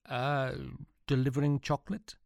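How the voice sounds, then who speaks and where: A man's voice: medium pitch, flat delivery, moderate pace, darkish tone, dry recording, clean studio sound, pitched above the performer's own voice, natural voice. A man voicing a nervous young male soldier who stammers and hesitates.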